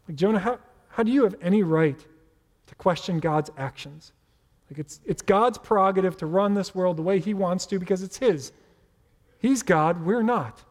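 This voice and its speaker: A man's voice: a little high, moderate pace, a little mellow. A man preaching a sermon as pastor, in a conversational, playful way with asides. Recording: reverberant hall.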